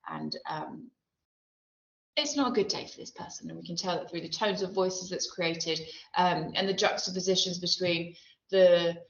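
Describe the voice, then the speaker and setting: A woman English literature teacher talking through a poem in a recorded lesson, thoughtful and explanatory, with many pauses and ums. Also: lowish voice, a bit bright. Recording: roomy, dull lo-fi sound.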